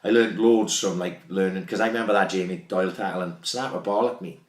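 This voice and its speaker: A man talking bluntly and swearing a lot in a casual podcast chat. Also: low voice. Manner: blunt, fast, sweary talk about football. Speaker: podcast guest. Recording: echoey room.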